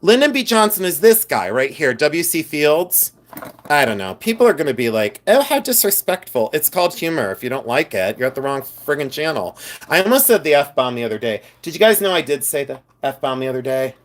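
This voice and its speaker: A man's voice: a little high, very animated, a little fast. A man hosting a live stream, chatting casually, joking and reading viewer comments aloud. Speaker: live stream host reselling buttons.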